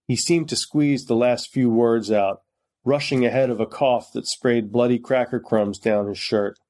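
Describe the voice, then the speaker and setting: A man narrating a crime novel in the first person, in a plain, steady storytelling voice. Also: medium pitch, normal speed.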